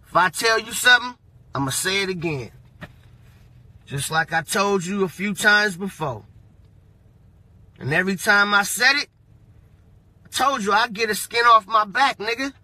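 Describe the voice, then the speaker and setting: A man rants in a high, piercing voice, mocking his target and swearing freely. He drags his words out slowly and leans on them, then flares up into shouting. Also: no room sound. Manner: heated, profane, mocking, bursts into shouting. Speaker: vlogger. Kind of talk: ranting monologue.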